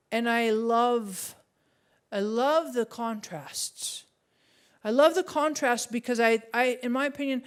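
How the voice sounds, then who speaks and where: A middle-aged woman pastor preaching a sermon, animated and conversational, asking her listeners rhetorical questions. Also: fairly high pitch.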